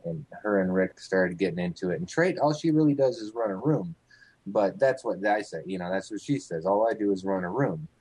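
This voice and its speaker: Rambling, swearing man with a low voice. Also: a little mellow, no room sound, rough recording. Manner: rambling, swears often, many fillers. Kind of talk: casual chat.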